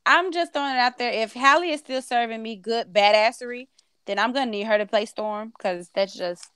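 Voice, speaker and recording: A woman's voice: a little high, fairly quick, bright, forceful tone, clear, resonant tone, no echo. Female co-host, playful and teasing, recorded dry and close. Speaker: podcast co-host. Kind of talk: casual live review chat.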